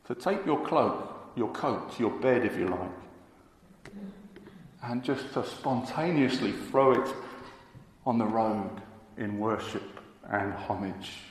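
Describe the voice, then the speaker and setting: A man preaching a sermon, slow and emphatic, now and then acting out quotes from the crowd. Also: fairly low pitch, lively intonation. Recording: echoey hall with long reverb.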